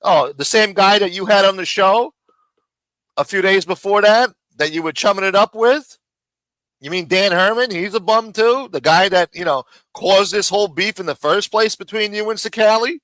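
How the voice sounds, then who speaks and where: A man hosts a live stream and tears into his rivals in an angry, mocking rant full of swearing. His voice sits a little high and rings bright and forceful. He talks around a throat lozenge, and the sound is dry and close. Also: normal speed, no room sound, poor audio.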